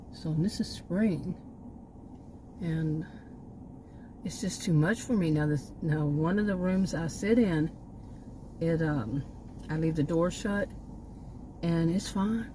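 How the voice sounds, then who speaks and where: A woman's voice: fairly low pitch, a little slow, pauses often, mellow, slight background noise, rough recording. An older woman rambling in a casual home vlog, cynical and often out of breath, with many restarts. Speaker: vlogger.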